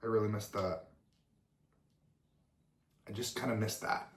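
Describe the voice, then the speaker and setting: A man's voice: on the low side, steady tone, unhurried, slight background noise. A young man, a musician and content creator, answering fan questions in a casual chat, rambling with plenty of swearing and tangents. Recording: roomy echo.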